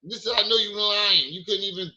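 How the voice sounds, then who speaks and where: Male livestream host, bright cutting tone, angry and profane, lo-fi stream sound. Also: sits high, steady tone, brisk. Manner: angry, profane, repeated questions. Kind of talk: heated livestream commentary.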